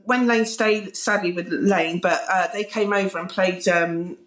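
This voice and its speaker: A British woman, a former music TV presenter, telling lively anecdotes with frequent laughter in a casual interview. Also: mid-range voice, moderate pace, reverberant. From Britain. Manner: bubbly, laughing, animated anecdotes with mimicked quotes.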